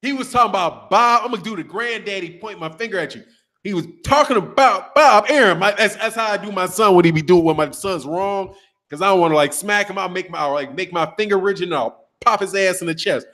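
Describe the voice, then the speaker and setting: A man in his thirties who hosts a boxing channel talks fairly quickly in a high-pitched voice. Reading a live chat, he's animated and profane, trash-talking casually and laughing often.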